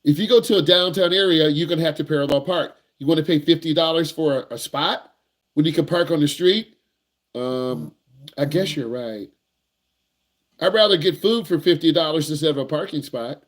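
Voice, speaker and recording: A man's voice: on the high side, quick pace. A man working as a driving instructor, giving blunt, repetitive, slangy advice to young drivers in a casual teaching talk.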